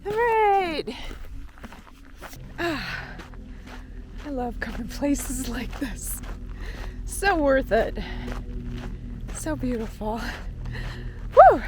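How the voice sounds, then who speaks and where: A woman vlogger exclaiming and talking to herself while driving a truck camper down a bumpy gravel road. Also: sits high, very animated, extremely slow, long pauses, darkish tone, a little hiss or hum. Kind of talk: casual self-filmed commentary.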